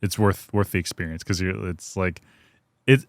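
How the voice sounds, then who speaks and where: A man's voice: sits low, steady tone, moderate pace, dry recording. A man co-hosting a casual film podcast, easygoing and agreeable. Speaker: podcast co-host. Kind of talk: casual chat.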